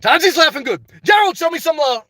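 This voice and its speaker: A man's voice: extremely high pitch, lively intonation, a little fast, bright, forceful tone. An older man hosting a casual live stream, reading viewer comments aloud and answering them by name in a blunt, unfiltered way, swearing freely.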